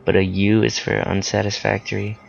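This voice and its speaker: A man's voice: fairly low pitch, completely flat delivery, fairly quick, gravelly, dull audio, over music. A teenage boy casually telling a personal story, rambling with lots of fillers and self-corrections. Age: teens.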